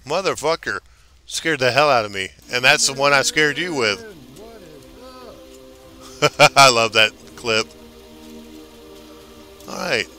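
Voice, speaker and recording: A man's voice: mid-range voice, expressive, takes it slowly, pauses often, bright, forceful tone, soft background music. A man streaming a game live, chatting casually and hyping up his viewers. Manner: chatty, hyped, talks back to viewers.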